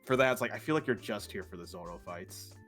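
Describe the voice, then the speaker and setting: A man hosts a relaxed live stream, chatting with a guest and with his viewers. He laughs easily between remarks, and faint music plays in the background. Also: lowish voice, fast talker. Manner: laughs often, talks to his chat. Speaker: streamer host. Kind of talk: casual stream chat.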